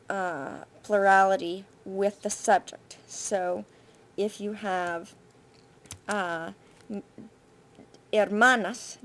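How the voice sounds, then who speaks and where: Slow, patient woman teacher giving feedback. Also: mid-range voice, a little hiss or hum. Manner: patient, thinking aloud with frequent "uh". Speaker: Spanish teacher. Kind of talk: screencast feedback on a student essay. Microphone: computer mic for screen recording.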